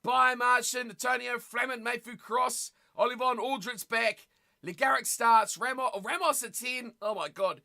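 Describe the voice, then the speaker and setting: A streamer giving casual live commentary at a rugby watch party, chatting with viewers and shouting with excitement at big plays. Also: medium pitch, moderate pace, gravelly. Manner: chatty, talks straight to viewers in chat.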